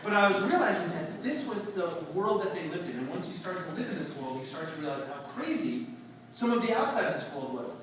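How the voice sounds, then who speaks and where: A man's voice: high-pitched, quick pace. Man, young, storytelling talk, acts out voices, distant mic, roomy echo, noisy background. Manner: animated storyteller, acts out dialogue with laughs. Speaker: speaker at a reception talk. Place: event room, recorded from a distance. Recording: echoey room, far-off mic, background noise.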